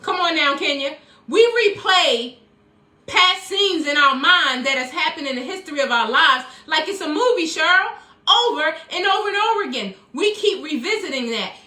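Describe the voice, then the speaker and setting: A woman's voice: sits high, expressive, normal speed, sharp tone. A middle-aged woman, coaching viewers on a live stream in an emphatic, preachy way and thanking commenters by name. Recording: echoey room.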